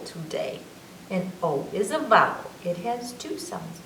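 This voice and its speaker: A woman reading an alphabet book aloud at children's story time, teacherly and lively, drawing out each letter sound. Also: deep voice, measured pace. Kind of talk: slow, sing-song children's story time. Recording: echoey room, mic at a distance, faint background hum.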